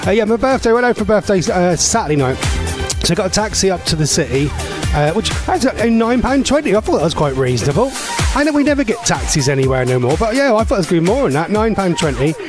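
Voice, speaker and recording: A man chats on local radio, his fairly high voice wandering through anecdotes with plenty of ums and restarts. Music plays clearly under his talk. His voice has an easy studio-mic closeness. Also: big pitch swings, fast talker. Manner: rambling, chatty storytelling with frequent fillers and self-corrections. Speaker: radio presenter. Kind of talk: casual chat on community radio.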